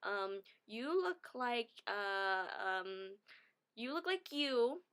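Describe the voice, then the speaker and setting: A young woman tells a story in a loose, chatty vlog manner. Her voice sits a little high, and she giggles often and fills her talk with "like.". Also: lively intonation, very slow, fairly bright tone, smooth. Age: young adult.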